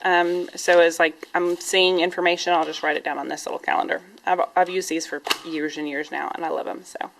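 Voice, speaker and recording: A woman's voice: fairly low pitch, flat delivery, brisk, few pauses, a bit bright, low-quality recording. A woman teacher, chatting casually in a classroom vlog, rambling with lots of "um"s and "y'all"s, a little sniffly. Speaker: primary teacher vlogger.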